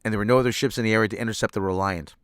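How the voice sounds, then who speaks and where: A man's voice: fairly low pitch, fairly even intonation, racing, smooth, dry recording, clean studio sound. A man ranting sarcastically and with profanity while reviewing a show, exasperated throughout. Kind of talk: ranting commentary.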